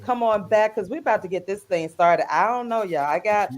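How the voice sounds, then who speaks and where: A woman co-hosting a radio talk show in casual, animated banter, laughing easily and greeting listeners by name. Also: mid-range voice, a little fast. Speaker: radio show guest co-host.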